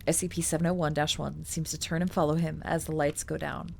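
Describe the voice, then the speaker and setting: A woman's voice: sits low, level tone, a little fast, creaky, a little hiss or hum. A woman streamer reading a document aloud, breaking off into chatty, filler-heavy asides and casual swearing.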